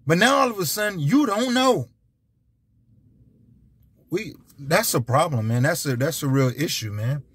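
A man's voice: fairly high pitch, lively intonation, a little slow, pauses often, fairly bright tone, slightly rough. A man giving an emphatic, repetitive, preachy monologue as a vlogger. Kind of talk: casual ranting monologue.

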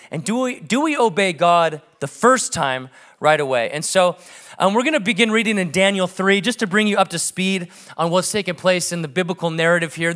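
A man in his thirties, a pastor preaching a sermon and telling stories lively, acting out family conversations. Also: high voice.

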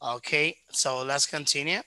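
Male English teacher, slightly higher voice, patient and repetitive, explaining pronunciation. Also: fairly even intonation, pushed and bright, no room sound, poor audio. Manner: patient, repeats words back, explains pronunciation slowly. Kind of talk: online one-to-one lesson.

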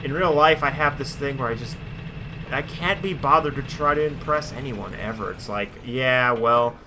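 A man giving sarcastic let's play commentary over a game, breaking into shouted rants. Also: medium pitch, normal speed, noisy background. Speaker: gaming commentator.

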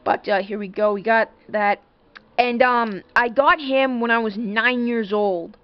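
A woman rambling through a show-and-tell of her toy, full of little fillers and apologies. Her voice sits fairly high. It is close and dry, though a bit dull and muffled. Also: fairly even intonation, unhurried, no echo. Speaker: toy collector showing a doll. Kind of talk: casual show-and-tell vlog.

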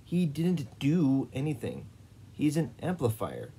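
A man's voice: medium pitch, huge pitch swings, slow, mellow, slightly rough, pitched above the performer's own voice, heavily acted. A man reading the lines of a proud, impatient young soldier in a storybook. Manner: brusque, impatient.

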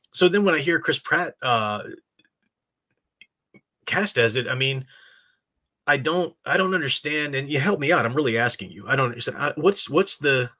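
A man's voice: medium pitch, sharp tone. A man hosting a live stream, talking casually and reading chat messages. He rambles with many restarts and gives blunt opinions.

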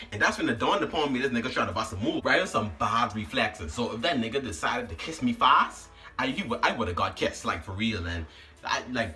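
A man casually telling a story to his vlog audience, slangy and animated, always asking "you know what I'm saying". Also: mid-range voice, recorded from a distance.

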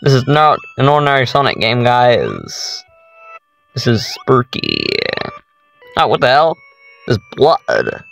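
A man's voice: mid-range voice, sing-song, slow, creaky, long pauses, a bit bright, soft background music, low-quality recording. A man playing a horror game for his channel, reacting to each scare with startled exclamations and talking to his viewers. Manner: jumpy, exclaiming at every scare, talks to viewers as guys. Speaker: gaming YouTuber. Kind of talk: horror game let's play commentary.

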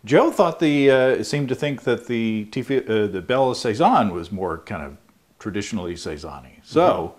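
Lively low-voiced male brewing show host. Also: normal speed. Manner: rambling with many fillers and restarts. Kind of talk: casual chat.

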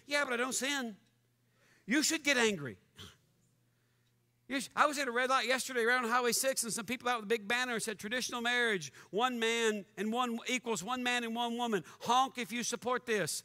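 A man preaching as pastor, animated and mock-angry, joking with his congregation in a church. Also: very high-pitched, moderate pace. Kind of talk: fiery sermon. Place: church sanctuary. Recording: long church hall reverb.

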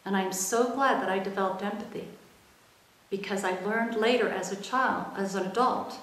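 A woman's voice: medium pitch, normal speed. Middle-aged woman, interview guest, earnest and reflective storyteller, echoey room. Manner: earnest, reflective, softens into quiet quoted speech. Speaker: interview guest, emotional intelligence expert.

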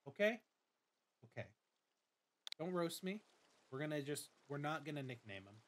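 A young man streaming a game, commenting in an excitable, gushing way with swearing and dramatic self-mockery. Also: on the high side, moderate pace, slight background noise. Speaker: gaming streamer. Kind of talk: let's play commentary.

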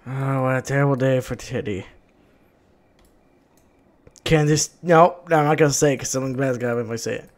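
A man giving excited gameplay commentary, exasperated and shouting at the characters on screen. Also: medium pitch, a little fast, long pauses. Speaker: gaming channel host.

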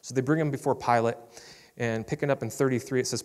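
A man's voice: mid-range voice, steady tone, fast talker, a little mellow. Casual male pastor in a reverberant hall. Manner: casual, conversational preaching with frequent "man" and "I love". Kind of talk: sermon. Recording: long reverb of a large hall.

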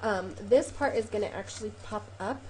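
A craft video host, she has a mid-range, somewhat mellow voice and speaks at a normal pace, with slight noise in the background. Her casual tutorial wanders, peppered with ums and corrections, and she's slightly sniffly from a cold.

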